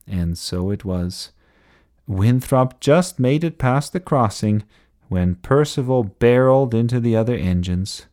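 A man reading a children's bedtime story aloud in an expressive storybook style. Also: medium pitch, unhurried.

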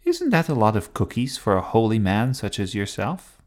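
A man's voice: on the low side, huge pitch swings, moderate pace, a little mellow. A man voicing an imperious, fussy queen in a children's story, speaking in a lofty, commanding way.

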